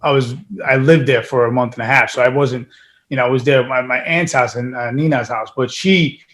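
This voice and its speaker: A man's voice: medium pitch, a little fast. A man from New York, a guest musician, telling stories in a casual interview with frequent swearing. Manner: profane, animated storyteller.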